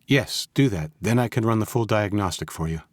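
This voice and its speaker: A man voicing a nervous male technician who talks in a brisk, clinical way, raised somewhat above his own low voice. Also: animated, dry recording, clean studio sound. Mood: businesslike. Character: nervous male robot technician, middle-aged.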